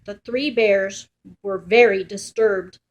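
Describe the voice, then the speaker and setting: Woman, storyteller, picture book read-aloud, expressive, playful. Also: mid-range voice, slow pace.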